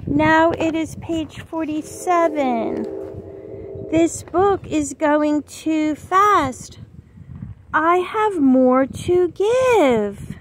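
A woman voicing silly, excitable animal friends from a storybook, in a playful, exaggerated read-aloud manner. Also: very high voice, noisy background, voice pushed up, exaggerated voice. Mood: worried.

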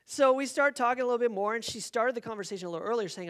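A man preaching as a pastor, telling a personal story in an animated way and acting out the quotes. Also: sits high, racing. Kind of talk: sermon storytelling. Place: church sanctuary.

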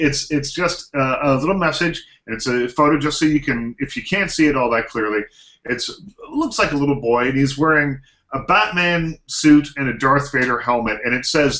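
A man's voice: medium pitch, pushed and bright, reverberant, rough recording. A man co-hosting a podcast, chatty and rambling with many fillers. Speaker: podcast co-host. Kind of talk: casual chat.

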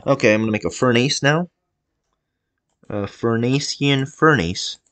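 A man giving casual let's-play commentary, excitable, swinging between mumbled jokey asides and yelling at his game character. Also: medium pitch, measured pace. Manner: jokey self-talk with wordplay. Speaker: gameplay commentator.

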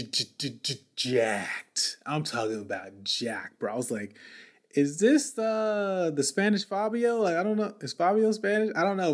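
A male podcast host telling a story in casual, slangy talk, often repeating and restarting words. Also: mid-range voice.

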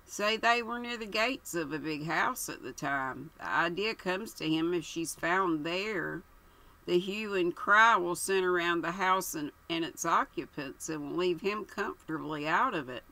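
A woman voicing a placid, tactful middle-aged police superintendent who lays out his theory in a measured way. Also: on the low side, poor audio. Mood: reasoning. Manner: calm, measured, deferential.

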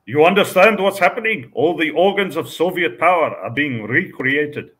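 A man doing a stubborn male Russian blogger with a put-on Russian accent, lecturing in a bright, husky voice. He insists on every point without backing down. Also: fairly high pitch, lively intonation, moderate pace, pitched above the performer's own voice. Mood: defiant.

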